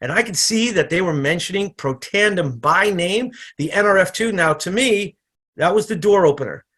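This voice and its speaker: An energetic man with a fairly high voice gives a conversational product training over a computer microphone. He talks fast and loose, repeating words and starting sentences again. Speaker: chiropractor giving product training. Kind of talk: casual presentation on a video call. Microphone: computer microphone on an online call.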